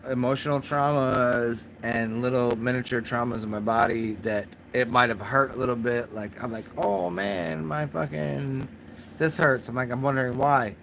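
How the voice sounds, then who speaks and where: A young man with a medium-pitched, slightly bright voice and some vocal fry hosts a casual livestream, answering his chat. He rambles and swears, sounds a little drunk, and laughs at his own jokes. There's slight background noise.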